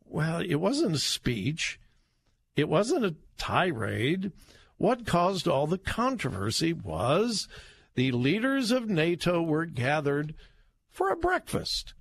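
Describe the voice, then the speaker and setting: A man's voice: a little high, huge pitch swings, slow pace, breathy edge. A man hosting a talk show, giving emphatic, conversational political commentary as he reacts to headlines.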